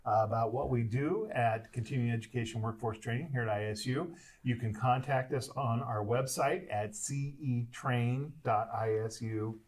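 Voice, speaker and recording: A man's voice: medium pitch, normal speed, a little mellow. A man hosting a podcast, chatting casually with his guest and reading out contact details. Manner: chatty, easygoing interviewer with frequent backchannels. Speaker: podcast host. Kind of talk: casual interview chat.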